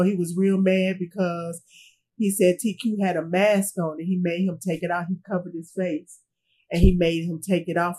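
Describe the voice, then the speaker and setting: Middle-aged mother, husky and halting, interview subject recounting loss. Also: on the low side, darkish tone, rough recording. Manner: halting, repeats herself, trails off. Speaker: grieving mother being interviewed. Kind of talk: emotional personal recounting.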